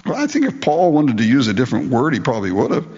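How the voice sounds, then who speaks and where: A man's voice: mid-range voice, huge pitch swings, fast talker, a little mellow, slightly rough, big-room sound, lo-fi sound. A man preaching a sermon in an emphatic, conversational way, full of rhetorical questions. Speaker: pastor.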